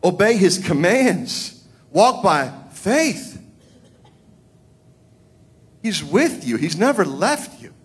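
A pastor delivers a sermon slowly, his breathy voice swinging widely in pitch and volume as he builds each point, with frequent pauses along the way.

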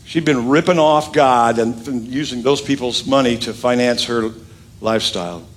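A middle-aged man preaching a sermon as pastor, telling stories with big swings in his voice and joking with the congregation. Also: normal speed. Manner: lively storytelling with big pitch swings and asides; calls on the congregation to repeat lines. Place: church sanctuary with congregation.

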